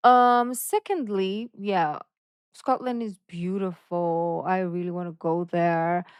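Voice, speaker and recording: A woman's voice: fairly low pitch, steady tone, takes it slowly, smooth, no room sound. A woman from the Philippines hosting a reaction channel, musing aloud in a playful, casual way and talking herself in circles.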